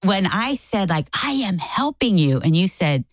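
A middle-aged woman tells a story in a casual conversation, acting out the quotes as she goes. Her voice sits low but swings widely in pitch. The recording is dry and close. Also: normal speed, dry recording. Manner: animated, acts out quoted lines. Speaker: co-host.

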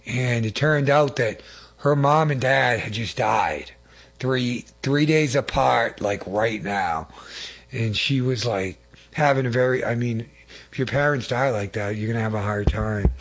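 Husky-voiced male lay preacher, earnest and rambling, telling testimonies. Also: mid-range voice, measured pace. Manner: earnest, rambling with restarts and asides. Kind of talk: testimony sermon.

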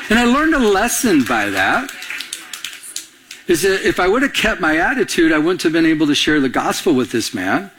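Husky animated preacher man. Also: mid-range voice, a little fast. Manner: animated, acts out both sides of dialogue. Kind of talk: sermon storytelling.

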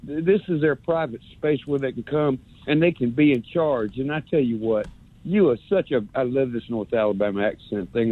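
A man calling in to a radio sports show, rambling and sarcastic, stumbling over his words. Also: a little high. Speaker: radio caller. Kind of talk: rambling call-in rant. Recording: muffled phone line.

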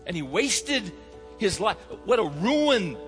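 A man's voice: sits high, very animated, takes it slowly, fairly bright tone, in a large hall, faint music behind. A man preaching a sermon, telling stories and rising to emphatic appeals to his listeners. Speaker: pastor.

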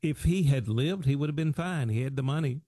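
A man's voice: a little high, brisk, mellow, no echo, clean studio sound. An American man hosting a financial advice talk show, talking in a folksy, repetitive way with old sayings and rhetorical questions. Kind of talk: radio-style talk show monologue.

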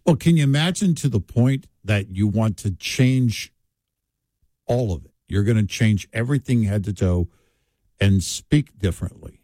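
Male radio co-host from Texas, lively, expressive range, dry studio sound. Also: fairly low pitch, normal speed, no room sound. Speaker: radio talk show co-host. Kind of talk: casual talk radio chat.

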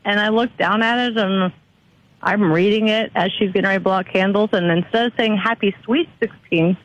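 A woman calling in to a radio show, telling an animated story. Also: medium pitch, a little fast, no echo. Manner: animated, quotes voices in her story. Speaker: caller. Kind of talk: phone-in story. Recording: muffled phone line.

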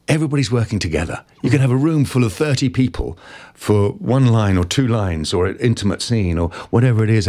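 A man, an actor being interviewed, telling stories about his career in an animated, expressive way. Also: on the low side. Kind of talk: conversational interview, storytelling.

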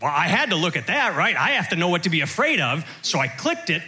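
A man doing stand-up comedy with a deliberate setup-and-punchline delivery. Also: high-pitched, sing-song, bright, forceful tone.

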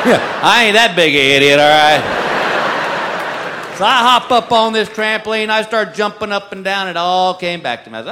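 A man's voice: high voice, lively intonation, slow, long pauses. A middle-aged man doing stand-up, telling self-mocking stories and laughing at his own jokes. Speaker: stand-up comedian. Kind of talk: stand-up comedy routine. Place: large venue with a live audience. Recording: live crowd noise, loud ambience.

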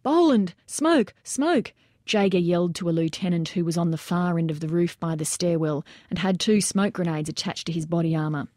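A woman reading nonfiction narration aloud in steady storytelling style. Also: lowish voice, a little fast, hardly any pauses, no room sound, clean studio sound. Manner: steady storytelling that acts out shouted quotes.

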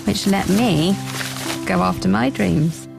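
A warm, gentle mother talks fondly to her children in a film clip. Her voice has a gravelly texture, and a clear music score plays underneath her. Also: medium pitch, takes it slowly, poor audio. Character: warm mother recalling her student dreams. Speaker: film actor.

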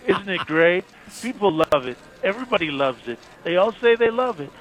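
A man's voice: high-pitched, big pitch swings, normal speed, a bit bright, rough recording. A man doing a comedy sketch impression of a boastful, rambling male president who praises himself and repeats his words. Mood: mocking. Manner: rambling, self-praising, repetitive.

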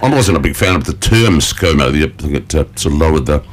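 A man's voice: extremely low pitch, lively intonation, quick pace. A man presenting on morning radio from a studio, chatting casually with a rambling, chuckly manner and many fillers.

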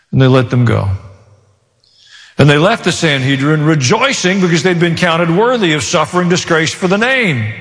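A man preaching a sermon as pastor, with sudden rises and quiet asides. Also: fairly high pitch. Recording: long reverb of a large hall.

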